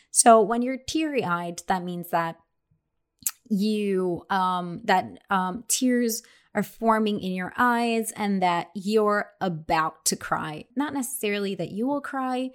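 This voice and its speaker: A young adult woman explaining English expressions in a casual lesson, chatty, with many fillers and restarts. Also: medium pitch. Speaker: English teacher.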